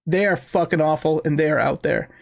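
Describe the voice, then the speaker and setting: A man co-hosting a casual gaming podcast, telling a prank-call story in an animated, profane way and acting out both sides of the conversation. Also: fairly high pitch, brisk, creaky. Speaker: podcast co-host.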